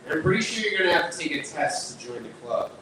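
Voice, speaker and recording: Rambling young comic in an echoey bar. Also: male voice, on the high side, sing-song, quick pace, far from the mic. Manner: rambling, filler-heavy delivery with lots of "like" and "uh". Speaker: stand-up comedian. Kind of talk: stand-up set at an open mic. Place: small bar performance space. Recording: echoey room picked up from afar, noisy.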